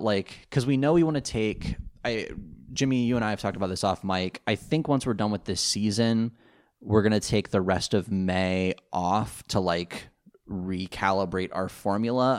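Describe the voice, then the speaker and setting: A man's voice: lowish voice, lively intonation, normal speed. A man co-hosting a casual podcast, rambling with lots of fillers and restarts. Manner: rambling, many fillers and restarts, laughs easily. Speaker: podcast co-host. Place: home.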